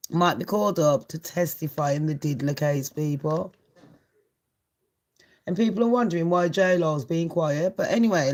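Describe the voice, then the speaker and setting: With a low-pitched voice, a brash woman runs through celebrity gossip for her channel. Her delivery is loose and casual, full of frequent laughter and plenty of swearing.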